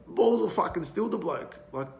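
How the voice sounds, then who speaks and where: A man's voice: high voice, animated, moderate pace, creaky, darkish tone. A man, a podcast guest telling stories in a blunt, rambling, heavily profane way. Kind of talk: casual storytelling. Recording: roomy echo, faint background noise.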